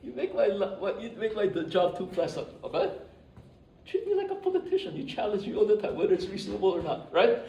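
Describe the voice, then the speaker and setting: A man's voice: sits high, sing-song, fast, vocal fry, a little mellow, dull audio, a little hiss or hum. A man teaching an engineering class, joking with students and often checking in with "right?" and "okay?". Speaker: engineering professor. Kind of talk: classroom lecture. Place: lecture room. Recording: echoey classroom, distant mic.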